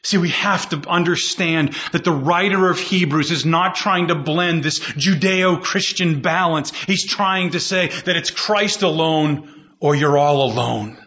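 A man's voice: fairly high pitch, measured pace, bright, forceful tone, highs cut off. A man preaching a sermon as pastor, building phrases through repetition and rising fervor.

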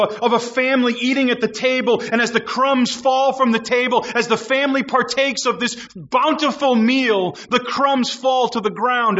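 A man preaching a sermon with passion, swinging from shouts to low, hushed tones. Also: lo-fi sound.

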